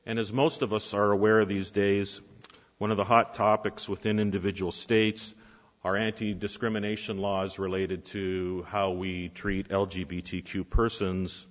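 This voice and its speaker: A man preaching a sermon in a church, asking rhetorical questions with dramatic pauses. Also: lowish voice. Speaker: pastor. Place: church sanctuary. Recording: reverberant hall, dull lo-fi sound.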